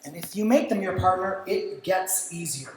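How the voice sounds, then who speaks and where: A man speaking at a creative industry event, giving lively stage lessons and acting out what clients say and think. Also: sits high, moderate pace, a little hiss or hum. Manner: energetic, acts out clients' reactions, casual swearing. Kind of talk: stage talk with practical lessons. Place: event stage in a large, echoey venue. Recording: very echoey hall sound.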